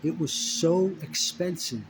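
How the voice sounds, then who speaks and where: A man's voice: a little high, takes it slowly. Indignant, profane man over background noise. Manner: profane, emphatic, indignant, repeats phrases for stress. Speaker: vlogger recounting his own story. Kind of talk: impassioned personal monologue.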